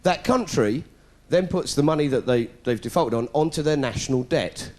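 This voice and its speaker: Animated British man doing stand-up. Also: a little high, moderate pace. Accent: British English. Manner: animated, sarcastic storytelling with put-on voices. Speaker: comedian. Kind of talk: stand-up comedy routine. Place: stage before a live audience.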